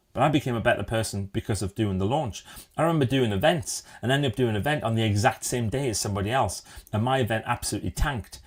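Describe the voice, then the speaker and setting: A man's voice: mid-range voice, a little mellow. A middle-aged man hosting a live-streamed motivational talk, chatty, quizzing viewers and answering their comments. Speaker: live show host.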